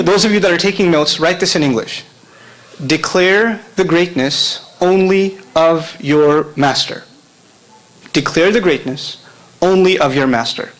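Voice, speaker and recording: A middle-aged man giving a lively lecture to a live audience, often asking the crowd questions and laughing as he talks. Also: high-pitched, a little fast, long pauses, rough recording. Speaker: Islamic lecturer.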